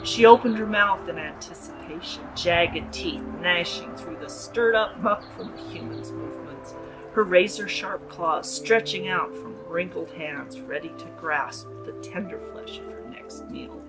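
A woman giving an expressive, dramatic reading of her own story at a writers' group. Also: on the low side, unhurried, music in the background, rough recording. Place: garden art gallery.

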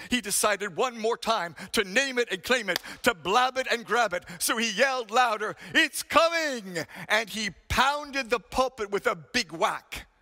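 A man's voice: high-pitched, pushed and bright, big-room sound. A male pastor preaching a sermon, dramatic and emphatic, telling stories to make his point.

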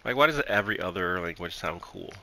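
Low gravelly dude cracking jokes while gaming, lively voice, gunfire noise. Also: male voice, quick pace. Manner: joking, playful. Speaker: co-op teammate. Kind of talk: casual gaming chat.

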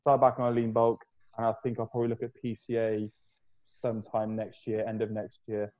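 A man's voice: on the low side, monotone, a little fast, phone-quality sound. Young man, loose sweary podcast chat. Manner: swears freely, loose and rambling. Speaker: podcast host, fitness coach. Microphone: video call.

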